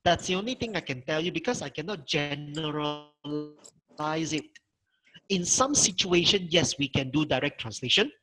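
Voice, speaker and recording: With faint music behind him on a rough recording, a middle-aged man with a Malaysian English accent teaches Mandarin in an online workshop by video call. His slightly high, expressive voice has a sharp tone and moderate pace; he is patient, repeats his points, and models tones.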